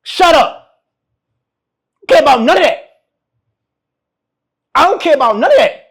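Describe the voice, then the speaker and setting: A man's voice: extremely high pitch, animated, normal speed, fairly bright tone. A man giving brash, mocking reaction commentary. He laughs often and keeps repeating his insults. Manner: laughs often while talking. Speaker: YouTube relationship commentator.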